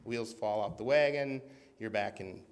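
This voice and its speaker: A man's voice: fairly low pitch, moderate pace, clean tone, long reverb tail. A man preaching a sermon in an earnest, conversational way, reading scripture aloud with emphasis.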